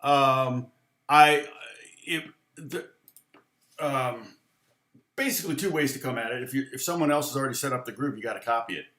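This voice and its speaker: A man teaches guitar on a live stream, answering viewer questions in a mid-range voice that sounds pushed and bright, at a moderate pace with frequent pauses. He thinks aloud in a rambling way, counting and scatting rhythms, and the recording has a roomy echo.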